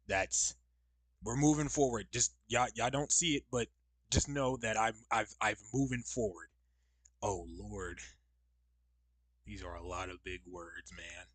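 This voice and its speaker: A man's voice: fairly low pitch, unhurried, long pauses, a bit bright, no echo. A young man live-streaming, chatting casually and rambling to his viewers with slangy asides. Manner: rambling, talks straight to chat with slangy asides.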